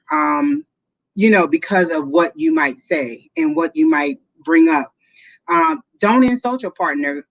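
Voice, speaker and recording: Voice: medium pitch, fairly bright tone, dry recording, muffled recording. A co-host on a marriage advice show, explaining steadily with many "um"s and "you know"s.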